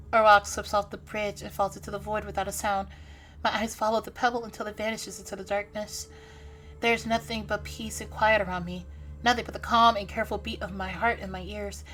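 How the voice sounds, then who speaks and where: Bright-voiced woman streamer reading aloud. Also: mid-range voice, brisk. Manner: animated, breaks off with startled exclamations. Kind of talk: reading a game's text aloud.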